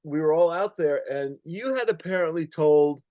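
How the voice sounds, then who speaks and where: A man guest in an interview, telling stories in an animated way and swearing freely. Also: on the high side, moderate pace, no echo. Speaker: guest, activist writer. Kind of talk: casual storytelling in interview.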